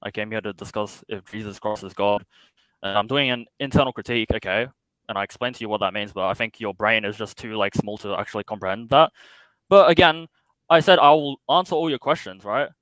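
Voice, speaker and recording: Brief: young man as a debate caller, rapid and argumentative, dry close sound. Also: on the low side, fairly bright tone, no room sound, poor audio. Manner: rapid, filler-heavy, argumentative. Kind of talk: heated call-in debate.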